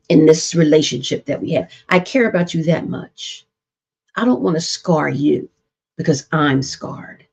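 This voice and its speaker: A woman's voice: mid-range voice, gravelly, slightly rough, dull audio. A woman therapist hosting a live-streamed relationship talk, speaking earnestly and repeating points with preacher-like emphasis. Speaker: therapist and show host.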